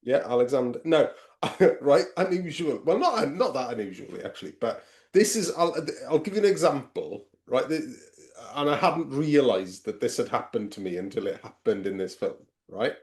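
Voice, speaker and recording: A man co-hosting a casual film podcast, animated and swearing freely. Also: mid-range voice, normal speed. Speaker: podcast co-host.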